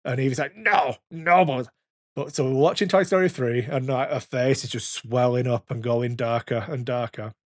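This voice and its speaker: A man's voice: mid-range voice, fairly even intonation, brisk, hardly any pauses, a little mellow, no echo, clean studio sound. A man in his thirties co-hosting a podcast, telling rambling stories and swearing freely in casual chat. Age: 30s. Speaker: podcast co-host.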